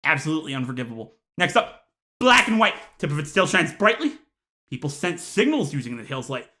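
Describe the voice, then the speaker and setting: Guy doing a jokey fake-angry rant, bright voice, pitch all over the place. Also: fairly quick. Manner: mock-outraged, deadpan asides, lots of laughs and sighs. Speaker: YouTuber. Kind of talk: comedic rant to camera.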